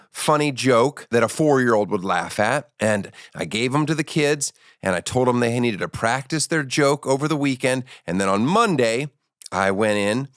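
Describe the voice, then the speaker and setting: Brief: forties male comic host, loose profane storyteller, middle pitch, dry close mic. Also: a bit bright, clear, resonant tone, no room sound. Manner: rambling, profane storytelling with restarts. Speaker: podcast host. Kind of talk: casual comedic chat.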